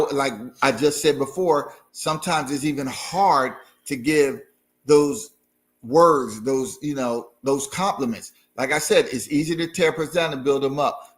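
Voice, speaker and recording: A man co-hosting a marriage talk show, agreeing easily and giving calm, encouraging advice. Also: on the high side. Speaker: marriage podcast co-host. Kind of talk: casual chat.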